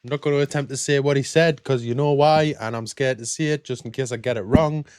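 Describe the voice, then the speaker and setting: A man's voice: medium pitch, steady tone, quick pace, background noise. A British man hosting a reaction video, chatting casually and joking in rambling asides. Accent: British English. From Britain.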